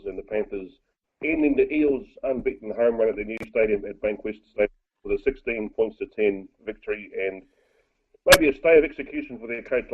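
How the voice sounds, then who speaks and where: A low-voiced man gives blunt, opinionated rugby league takes in a casual chat. His voice is husky. It comes over a thin, tinny phone line. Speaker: co-host and sports pundit. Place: Gold Coast, over the phone.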